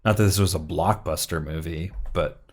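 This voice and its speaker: A man's voice: low voice, fairly even intonation, moderate pace. A young man co-hosting a casual movie review podcast, stammering through restarts and trailing off. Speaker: podcast co-host.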